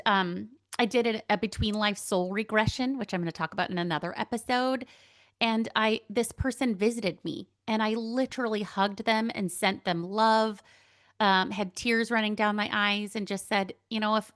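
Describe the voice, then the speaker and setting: A woman in her young adult years hosts a spiritual podcast, talking through her own experiences in a loose, candid way. She laughs easily and fills pauses with "um" and "like". Her voice sits at a middle pitch, recorded dry and close with no room echo. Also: fairly bright tone. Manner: chatty, candid, laughs often, many fillers. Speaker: podcast host. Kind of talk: casual spiritual monologue.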